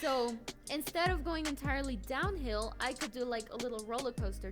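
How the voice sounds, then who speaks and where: A woman's voice: sits high, brisk, few pauses, music in the background. A woman guest student reflecting on her practice hesitantly, with many fillers. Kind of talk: casual lesson talk.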